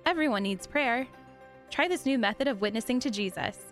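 A woman reads a scripted radio promotion in a smooth, upbeat way. Her voice sits fairly high. Soft music plays faintly behind her. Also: expressive, brisk. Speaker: ad announcer. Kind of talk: scripted ad read.

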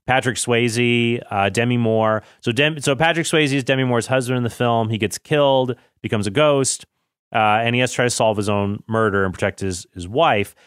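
A man's voice: mid-range voice, moderate pace, fairly bright tone, clean tone, no echo. Chatty man in his thirties, dry sound. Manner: chatty, self-correcting, laughs at himself. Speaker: film commentary host. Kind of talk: casual film commentary.

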